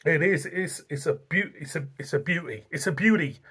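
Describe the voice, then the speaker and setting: A beer reviewer with an English accent, chatting casually through a video tasting in an unhurried way and repeating phrases. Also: mid-range voice, fairly bright tone, husky.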